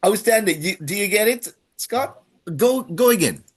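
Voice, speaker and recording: A man's voice: high-pitched, expressive, moderate pace, husky. A man teaching a live Spanish class, drilling students by counting in and praising each answer.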